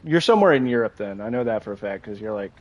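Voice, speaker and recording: A man's voice: lowish voice, lively intonation, fast, muffled recording, a little hiss or hum. A young American man chatting casually with his live chat while playing a game, swearing now and then. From United States. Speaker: live streamer.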